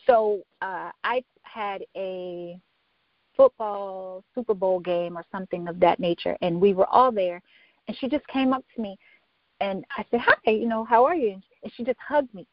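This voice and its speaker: A woman's voice: medium pitch, moderate pace, dry recording. Woman guest on a podcast telling her story, earnest, kinda muffled dull audio. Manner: earnest storyteller, acts out quoted voices. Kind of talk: casual interview chat.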